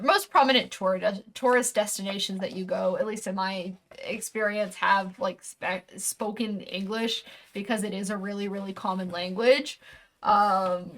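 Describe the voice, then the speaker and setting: A woman's voice: mid-range voice, fairly bright tone. Rambling woman streamer chatting casually. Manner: rambling, self-correcting, casually swearing, chuckling. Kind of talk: casual stream chat while unboxing.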